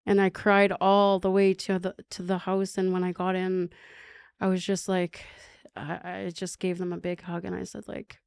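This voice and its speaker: A woman's voice: fairly low pitch, monotone, moderate pace, gravelly, a little mellow, clear, resonant tone, no echo, studio quality. A woman from Canada telling her recovery story as a podcast guest, earnest, with many "like" fillers and acted-out dialogue.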